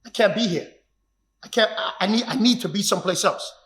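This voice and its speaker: A martial arts instructor telling his own story in an emphatic, repetitive way that builds to shouts. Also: sits high, brisk. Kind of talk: personal storytelling. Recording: echoey room.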